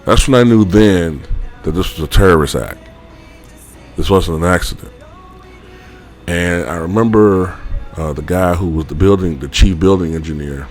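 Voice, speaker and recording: A man's voice: low-pitched, moderate pace, long pauses, soft background music. A man vlogger telling a personal story in a rambling, casual way, full of fillers and offhand swearing.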